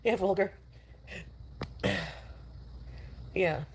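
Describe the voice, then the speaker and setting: A woman's voice: mid-range voice, lively intonation, drawn-out words, a little mellow. A woman chatting casually on a livestream, rambling and defensive, with many fillers.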